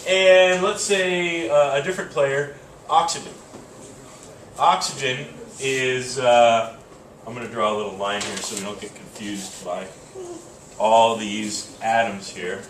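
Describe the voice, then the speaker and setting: A male teacher lectures a class in a loose, joking way, thinking aloud with filler sounds. His voice is bright and forceful. It is picked up from a distance in an echoing classroom with faint room noise. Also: mid-range voice, steady tone, a little slow. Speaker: chemistry teacher.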